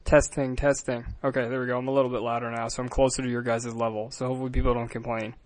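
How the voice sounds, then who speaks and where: A man's voice: medium pitch, flat delivery, racing. A man hosting a podcast in casual chat, teasing his co-hosts with wry quips. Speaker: podcast host.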